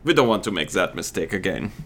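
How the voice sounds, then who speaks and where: A man's voice: low voice, big pitch swings, fast talker. A man playing a smug, dry-witted German man with a German accent.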